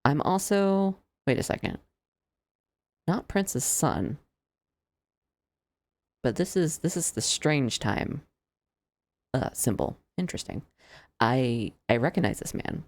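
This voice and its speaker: A woman's voice: low-pitched, animated, slow pace, long pauses, darkish tone, no room sound. A woman streaming a game, giving chatty, playful commentary and laughing often.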